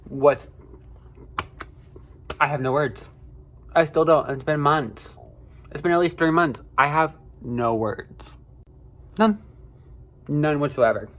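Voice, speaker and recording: A man's voice: fairly high pitch, a little slow, long pauses, fairly bright tone. Young man rambling through a storytime. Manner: rambling, filler-heavy, emotional and profane. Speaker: vlogger telling a story. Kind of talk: casual storytime monologue.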